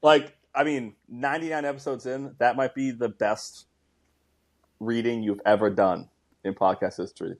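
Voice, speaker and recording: A man's voice: mid-range voice, fairly even intonation, normal speed. A man co-hosting a casual podcast, making dry, teasing remarks. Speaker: podcast co-host. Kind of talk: casual chat.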